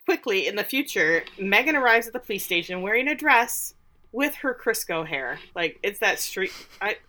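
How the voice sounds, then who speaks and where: A woman's voice: medium pitch, animated, moderate pace, pushed and bright. A woman co-hosting a podcast, casually recapping a TV episode with sarcastic, incredulous asides. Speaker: podcast co-host.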